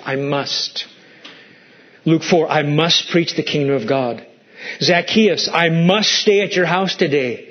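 A man's voice: high-pitched, muffled recording. A male pastor preaching a sermon, asking the congregation pointed rhetorical questions and acting out quoted lines in a raised voice.

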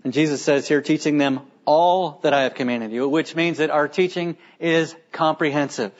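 A pastor preaching with an earnest, emphatic delivery and a fairly high voice for a man. He presses his points with rhetorical questions, heard through a dull, lo-fi sermon recording. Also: moderate pace.

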